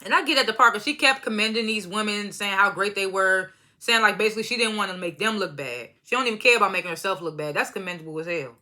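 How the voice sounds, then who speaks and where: Bright, laughing woman recapping reality TV. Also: medium pitch, fast, few pauses. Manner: laughs often while retelling scenes; loose slangy storytelling, acts out quotes. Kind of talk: casual episode recap.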